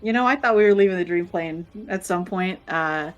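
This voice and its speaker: A woman's voice: on the low side, a little fast, highs cut off. A woman running a tabletop game as game master, laid-back and joking, swearing casually.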